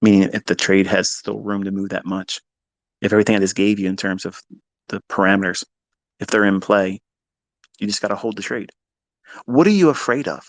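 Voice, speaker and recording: A man giving a blunt, profane trading lecture, hammering points with repetition and swinging between loud bursts and low asides. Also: a little fast, long pauses, no echo. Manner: blunt, heavy swearing, emphatic repetition. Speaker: trading educator.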